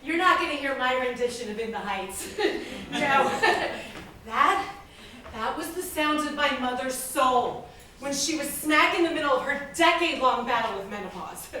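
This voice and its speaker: Woman in her forties, high bright lively voice, laughing comic monologue, echoey stage from afar. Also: normal speed, slight background noise. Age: 40s. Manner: lively, laughing, switches into Spanish. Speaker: monologue performer. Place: theater stage. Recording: echoey theater, heard from far off.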